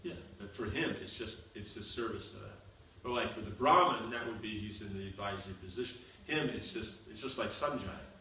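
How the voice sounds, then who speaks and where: A man teaches a seminar, answering questions in a Q&A lecture; his lowish voice is pushed and bright, a little fast, with few pauses. He relies on repeated examples and often asks "you understand?" The echoey seminar room recording is far from the mic, with faint noise.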